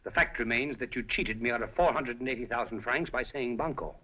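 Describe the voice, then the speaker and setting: A man's voice: mid-range voice, a little fast, natural voice. A man playing a suave scheming casino boss. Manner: urbane, dryly amused, coolly threatening. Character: suave scheming male casino operator, older, smooth and commanding. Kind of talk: 1930s film acting. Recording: dull old film soundtrack.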